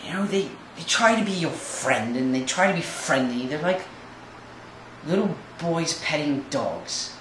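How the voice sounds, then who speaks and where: An actor playing a scheming immigrant hustler in an acting-class film monologue, speaking in halting, repetitive, quietly sinister musings. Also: male voice, on the high side, expressive. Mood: mocking. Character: scheming immigrant hustler man, smugly menacing. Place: large echoey studio kitchen. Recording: echoey room from far off, noisy.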